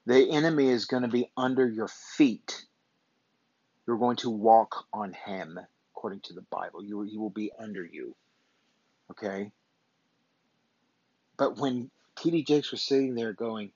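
A man with a fairly low, slightly mellow voice speaks at a measured pace and pauses often, without echo. Hosting a motivational podcast, he's blunt, emphatic, profane, and repetitive, in a dull, dry lo-fi recording.

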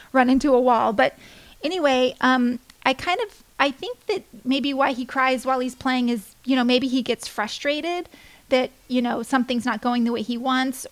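A woman's voice: on the high side, fairly bright tone. A young woman hosting a casual diary-style podcast, rambling along with many fillers and restarts. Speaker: podcast host, parent.

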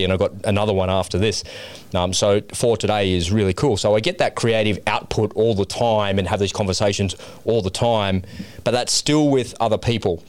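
A man's voice: lowish voice, darkish tone, no room sound. A man hosting a podcast, asking questions in a friendly, encouraging way. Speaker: podcast host. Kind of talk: casual podcast interview.

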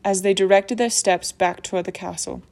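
Woman audiobook narrator, mid-pitched, steady and measured. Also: vocal fry. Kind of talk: scripted narration.

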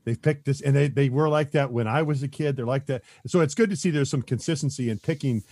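A man's voice: mid-range voice, fast talker, darkish tone, dry recording. A man chatting as a podcast guest, rambling with lots of fillers and restarts and chuckling often. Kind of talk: casual podcast chat.

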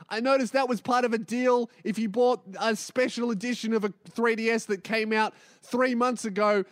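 A man's voice: sits high, dry recording, clean studio sound. A man, telling a comedic story and acting out the dialogue. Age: 20s. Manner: animated, swearing, acts out dialogue. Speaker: podcast host.

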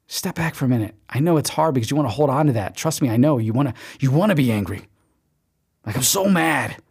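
Guy doing a fired-up motivational podcast rant, keeps saying okay and right, mid pitch. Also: darkish tone, breathy edge. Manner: emphatic, pep-talk delivery with repeated okays; drops into mock quoted inner voices. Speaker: podcast host. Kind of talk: motivational monologue.

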